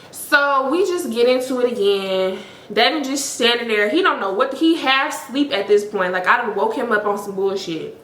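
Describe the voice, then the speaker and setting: A young woman, telling a story in a casual, animated way with lots of emphasis. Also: fairly high pitch, normal speed, roomy sound. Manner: animated, emphatic, heavy use of "like". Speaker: storytime vlogger.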